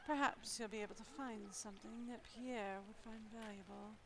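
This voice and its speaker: A woman's voice: a little high, steady tone, normal speed, background noise. A young woman streaming, reading a story game aloud with playful, wry asides.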